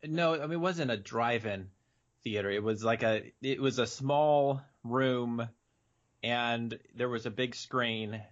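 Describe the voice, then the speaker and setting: A man co-hosting a podcast, chatting casually with dry, teasing banter and casual swearing. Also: medium pitch. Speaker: podcast co-host. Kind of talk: casual chat. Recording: dull lo-fi recording.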